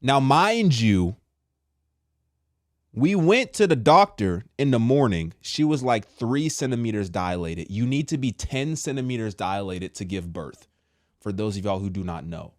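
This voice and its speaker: A man with a fairly low voice tells a personal story in an animated, slangy way, slipping into the voices of the people in it. The sound is dry and close, with no room echo. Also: measured pace. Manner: animated, acts out quotes with slang. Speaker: storyteller sharing a testimony.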